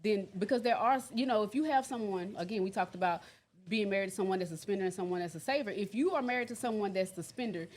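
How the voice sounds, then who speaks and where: A woman co-hosting a podcast, talking in relaxed, casual chat. She speaks quickly at a middle pitch and keeps jumping in with emphatic agreement. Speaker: podcast co-host.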